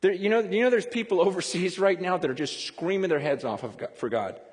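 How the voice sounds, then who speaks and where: A male pastor delivers a sermon in a lively, conversational style and often laughs as he talks. His voice sits a little high for a man. The sound rings with the long reverb of a large church hall. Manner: animated, conversational preaching with quick laughs.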